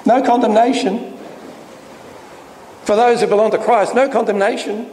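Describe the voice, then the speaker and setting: A man's voice: high-pitched, fairly even intonation, moderate pace, long pauses, darkish tone. A man preaching a sermon with emphatic delivery and frequent rhetorical questions. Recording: echoey hall with faint noise.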